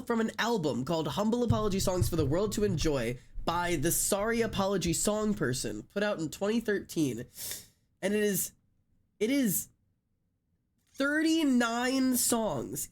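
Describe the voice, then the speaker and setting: A streamer chatting casually on a live stream, reading a long list aloud, often laughing and swearing. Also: medium pitch.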